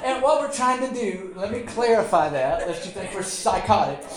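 A man's voice: sits high, animated, moderate pace, a crowd in the background. A middle-aged man, a pastor, preaching a sermon in a folksy, joking way. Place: church sanctuary. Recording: echoey church room.

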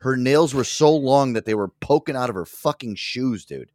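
Animated, laughing male podcast host. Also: medium pitch, moderate pace, no echo, studio quality. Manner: laughing often, swears freely, animated reactions. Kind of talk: casual chat.

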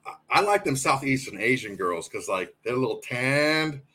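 A man co-hosting a casual sports show, rambling and swearing, with loud whoops. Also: medium pitch, animated, moderate pace, breathy edge. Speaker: podcast co-host.

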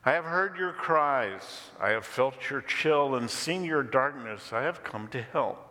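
A male preacher voicing a kindly stranger who speaks slowly and reassuringly. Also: mid-range voice, expressive, sharp tone, long reverb tail, voice pushed up. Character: calm, kindly male stranger bringing fire.

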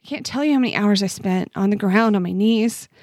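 The clip is clean studio sound with no echo, featuring a woman in her forties who is a guest on a podcast. Her medium-pitched voice has a darkish tone and moves a little fast as she earnestly tells a personal story, breaking off and restarting often in conversation.

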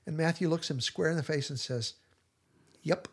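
A man's voice: a little high, normal speed, fairly bright tone, slightly rough. A man hosting a podcast, retelling scenes in casual chat and acting out the quoted lines with animation. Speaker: podcast host.

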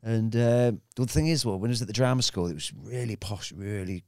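A man's voice: fairly low pitch, fairly quick, darkish tone, no echo, studio quality. A man, a guest comedian telling rambling stories in casual podcast chat and acting out the other people in them. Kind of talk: casual storytelling.

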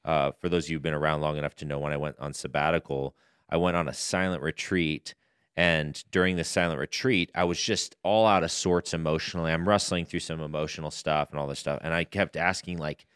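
A man's voice: a bass voice, steady tone, fairly quick, fairly bright tone, smooth, no room sound, clean studio sound. A man who is a pastor hosting a podcast, earnestly telling a personal story in casual conversation.

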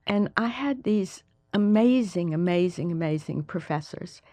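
An older woman from Alabama with a Southern accent, a history professor telling wry, lively stories in an interview. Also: on the low side, unhurried, no echo. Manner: lively, wry, animated storytelling. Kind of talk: interview, storytelling.

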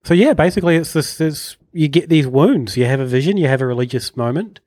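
A man's voice: fairly high pitch, expressive, fast talker, a little mellow, no echo, studio quality. A young man, chatting casually and rambling as a podcast co-host. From New Zealand. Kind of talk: casual chat.

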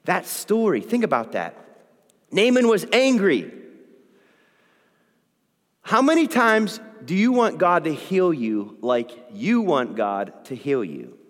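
A man's voice: on the high side, very animated, takes it slowly, pauses often. A man preaching a sermon and reading from the Bible, talking conversationally and checking in with his listeners. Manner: conversational, keeps checking in with "okay?". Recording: long hall reverb.

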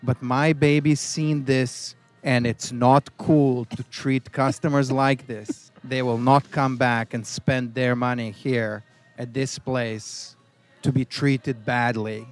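A man's voice: mid-range voice, level tone, takes it slowly, faint music behind. A man in a restaurant chatting about tacos and reading a review aloud in an earnest, storytelling way. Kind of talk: casual food-review chat. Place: taco restaurant with music playing.

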